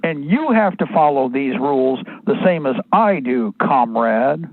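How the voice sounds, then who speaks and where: A man's voice: medium pitch, animated, a little slow. A man hosting a talk radio show, rambling and blunt, often restarting his sentences, crude at times. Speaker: radio host. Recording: dry, tinny phone-like sound.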